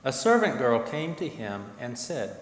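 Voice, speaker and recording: A man narrating a scripture passage in a measured, solemn liturgical reading. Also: medium pitch, very animated. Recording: echoey hall, long reverb.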